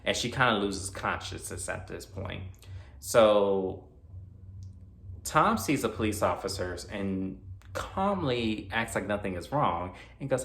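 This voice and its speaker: A man casually recapping a horror film's plot for his review channel, chatty and animated, talking back to the characters. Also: lowish voice, unhurried, vocal fry. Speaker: movie reviewer. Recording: echoey room with faint noise.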